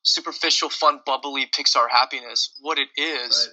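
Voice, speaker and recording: A man's voice: medium pitch, fairly even intonation, moderate pace, sharp tone. A man, a singer being interviewed, telling a personal story in an earnest, heartfelt way with many restarts. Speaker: lead singer, interview guest. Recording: dull lo-fi audio.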